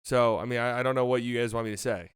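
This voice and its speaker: A man's voice: mid-range voice, steady tone, fast, clear, resonant tone, dry recording, studio quality. A young man hosting a casual basketball talk show, ranting with exasperation and repeating himself. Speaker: sports podcast host.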